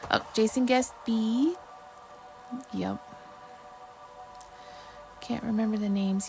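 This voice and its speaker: Chatty woman with a gravelly voice. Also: a little high, steady tone, takes it slowly, music in the background, low-quality recording. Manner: chatty, apologetic, reads trivia questions to chat. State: mouth full of chocolate at times. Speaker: livestream host. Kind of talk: casual livestream chat while crafting.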